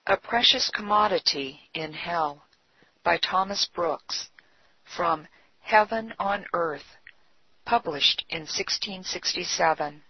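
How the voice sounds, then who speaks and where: A woman reads old devotional texts in a slow, solemn, measured cadence. Her voice sits low and husky, with a breathy edge. The recording is dull and lo-fi, and it sounds close and dry. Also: no echo. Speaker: devotional reader. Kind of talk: scripted devotional reading.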